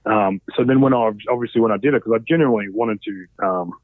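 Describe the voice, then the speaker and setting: A man's voice: fairly low pitch, fast, no echo. Man telling a story, tinny sound. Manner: animated, swears freely, acts out quotes. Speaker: podcast guest, former reality show contestant. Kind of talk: casual storytelling. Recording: dry, phone-like narrow sound.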